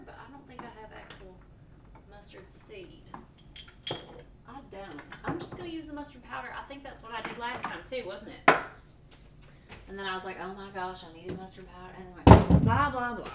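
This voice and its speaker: Heavy background noise surrounds a woman with a fairly high voice who cooks in her home kitchen and chats with viewers on a casual livestream. Pots, pans and dishes clatter as she talks to the chat.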